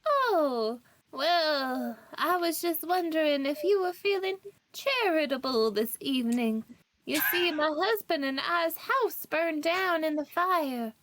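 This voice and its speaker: A woman's voice: high voice, lively intonation, slow pace, fairly bright tone, a little hiss or hum, voice pushed up, full character voice. A woman voicing a folksy wife who sweetly pleads for charity with old-fashioned endearments. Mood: pleading.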